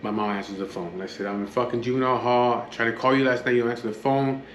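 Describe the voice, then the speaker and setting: A man's voice: medium pitch, steady tone, fast talker, fairly bright tone. A man from the Los Angeles area, casually telling his own story in a blunt, profane, matter-of-fact way, acting out what others said in his own voice. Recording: echoey room with faint background hum.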